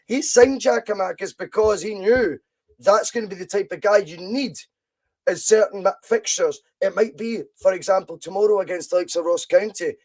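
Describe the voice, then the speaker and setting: Emphatic Scottish man, high voice. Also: normal speed. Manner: animated, opinionated, emphatic. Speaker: podcast host. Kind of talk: casual football chat.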